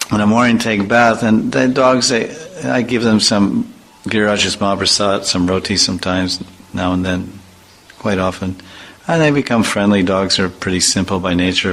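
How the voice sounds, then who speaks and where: Bright-voiced man telling humorous stories. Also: on the low side, a little hiss or hum, poor audio. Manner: humorous storytelling with vivid imitations. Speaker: spiritual teacher. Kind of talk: informal devotional talk.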